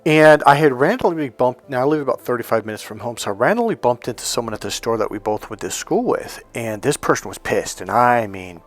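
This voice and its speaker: A middle-aged man from California talks through his own run-ins in a relaxed, unscripted way, dropping a blunt curse now and then. His voice sits at an everyday middle pitch. Soft music plays quietly beneath him. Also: a little fast, few pauses. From California, USA. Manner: candid, profane, acts out the people in his stories. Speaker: relationship coach. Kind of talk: casual storytelling to camera.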